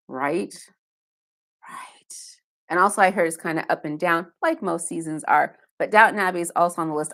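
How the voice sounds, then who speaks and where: A woman's voice: fairly low pitch, fairly bright tone. A woman hosting a casual live stream from her home basement, chatting loosely and answering viewer comments one by one, with self-deprecating asides. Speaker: live-stream host reading viewer chat.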